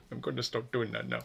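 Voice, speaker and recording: Brief: male streamer, mid-pitched, rambly and sweary, self-mocking while coding. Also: creaky, a bit bright, husky.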